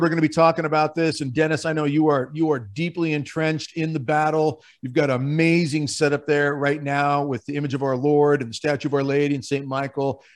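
A man hosting a podcast, talking with enthusiasm and rattling off long promotional lists. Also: fairly high pitch. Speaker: podcast host.

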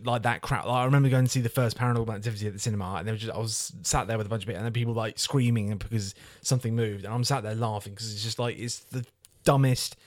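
A man's voice: on the low side, fairly even intonation, racing, no echo. Swearing, ranting man. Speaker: film review podcast host. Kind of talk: casual chat.

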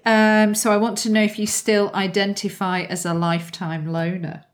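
A woman's voice: medium pitch, flat delivery, moderate pace. A woman hosting an interview, chatty and asking leading questions. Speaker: podcast host. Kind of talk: interview conversation.

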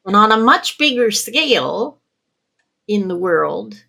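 A woman's voice: medium pitch, sing-song, takes it slowly, gravelly, bright, forceful tone. A middle-aged woman from Canada, telling personal stories in a podcast conversation and often laughing between words. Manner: reflective, laughs often mid-sentence. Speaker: guest.

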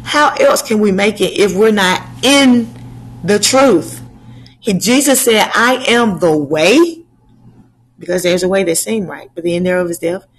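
A woman preaches a slow sermon to her channel's viewers, posing rhetorical questions and then answering them. Her voice is medium-pitched and husky, and the recording is rough.

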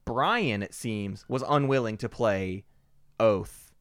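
A man's voice: lowish voice, takes it slowly, no echo, clean studio sound. A man co-hosting a podcast, earnestly explaining board game strategy in a casual chat, often repeating words as he goes. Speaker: podcast co-host.

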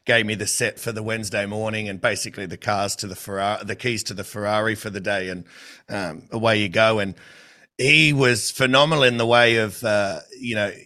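A man with an Australian accent hosting a casual podcast interview in a relaxed, friendly way. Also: fairly low pitch, a little fast. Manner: relaxed, friendly, trailing off quietly. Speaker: podcast host.

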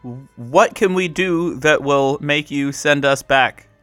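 A man playing in a tabletop game, with a wry, deadpan delivery. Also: fairly high pitch, slow, dry recording, faint music behind. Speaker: player.

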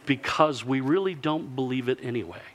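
A man preaching a sermon, telling a story with lively delivery and answered by the congregation. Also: medium pitch, fairly quick, a little hiss or hum. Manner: lively storytelling, acting out villagers in character.

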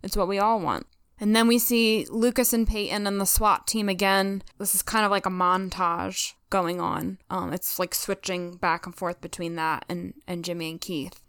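Woman podcast co-host, smooth resonant voice, dry close sound, earnest emotional recap. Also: mid-range voice, steady tone, normal speed, fairly bright tone, no room sound. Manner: earnest, emotional, retells scenes with quoted lines. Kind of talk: casual recap chat.

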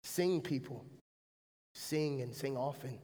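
A man preaching a lively sermon as pastor, often turning to the congregation with a quick "right?". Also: medium pitch, big-room sound. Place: church sanctuary. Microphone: stage mic.

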